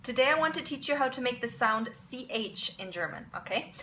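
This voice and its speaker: A woman teaching a casual language lesson, explaining step by step, repeating example words slowly and often checking in with "okay?". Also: on the high side, expressive, sharp tone, slight background noise, rough recording.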